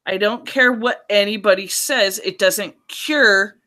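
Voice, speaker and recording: A woman's voice: mid-range voice, a little slow, pushed and bright. A woman co-hosting a podcast, talking bluntly and laughing easily in casual news chat. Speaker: podcast co-host.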